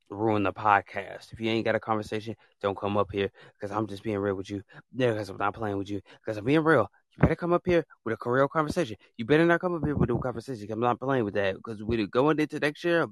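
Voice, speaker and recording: A man's voice: fairly low pitch, a bit bright, no echo. A man who hosts a podcast, scolding listeners in a heated, repetitive rant about trolls and bans. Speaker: podcast host. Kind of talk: ranting monologue.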